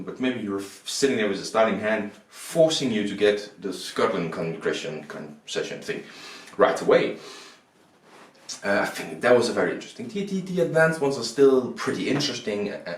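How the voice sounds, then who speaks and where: Rambling low-voiced board game reviewer. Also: male voice, animated, brisk, echoey room. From Denmark. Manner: rambling, self-correcting, repeats words. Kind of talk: casual review with rules walkthrough.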